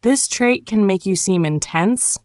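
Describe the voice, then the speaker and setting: A woman reading a scripted narration for English learners, measured and reflective, delivered in short phrases. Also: medium pitch, expressive, a little mellow, no room sound, clean studio sound. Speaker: podcast narrator.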